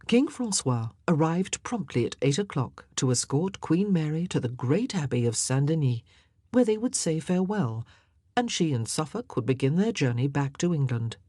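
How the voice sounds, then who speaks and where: A woman narrates a historical novel with expressive, measured delivery. Her voice sits low, breathy and husky, with a lively, rolling intonation. The sound is dry and close, with no room around it. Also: no room sound. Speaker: audiobook narrator.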